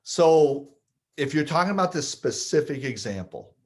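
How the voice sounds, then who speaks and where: A man coaching listeners on triggers, explaining with lively stories he partly acts out. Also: on the high side, normal speed. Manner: animated storyteller, acts out scenes. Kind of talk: explaining with stories, podcast talk.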